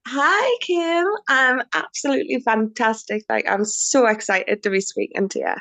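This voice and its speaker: A woman's voice: a little high, moderate pace, bright, forceful tone, dry recording. Bubbly young woman. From Northeast England. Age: young adult. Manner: bubbly, effusive, says "like" often. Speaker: guest. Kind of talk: casual interview.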